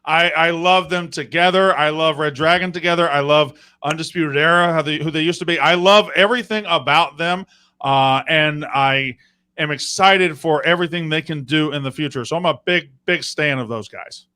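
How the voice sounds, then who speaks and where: High, bright-voiced man chatting loosely. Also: normal speed, clean tone. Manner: jokey, profane asides, rambling. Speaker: podcast host, guest. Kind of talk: casual live-stream chat.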